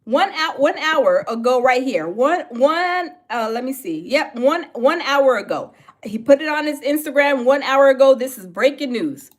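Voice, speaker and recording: A woman's voice: sits high, expressive, moderate pace. A woman hosting a live reaction stream, mocking the clip she plays and talking to her chat. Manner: mocking, talks to chat, exclaims. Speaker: commentary streamer.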